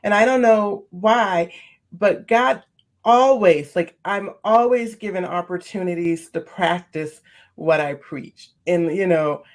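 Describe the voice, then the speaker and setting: Expressive woman telling a heartfelt story. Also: slow. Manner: expressive, swings up in pitch when animated; earnest, repeats phrases for emphasis. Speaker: podcast guest, speaker on seizing the day. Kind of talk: candid personal storytelling.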